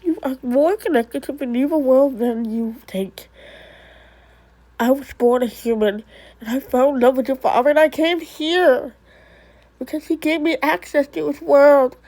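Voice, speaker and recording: A woman's voice: high voice, measured pace, darkish tone, poor audio. A woman voicing a worried mother who pleads with and scolds her stubborn ghost child in a one-person amateur drama. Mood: lecturing.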